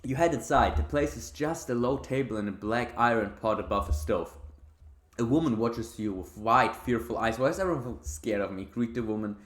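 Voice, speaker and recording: A man reading a text adventure aloud, then dropping into casual, profanity-laced asides and chuckles. His voice sits at a middling pitch, and the room has a noticeable echo. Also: moderate pace. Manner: swears freely, laughs at the story. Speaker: let's play host.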